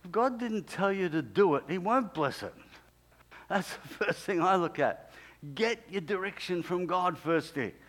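A man's voice: sits high, expressive, a little slow, fairly bright tone. A man, preaching a sermon as a pastor and telling a story with emphatic, repeated key phrases.

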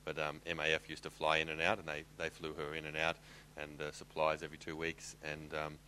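Man, presenting slides, extremely deep voice, monotone, lots of ums, faint background noise. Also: rough recording. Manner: halting, with many fillers.

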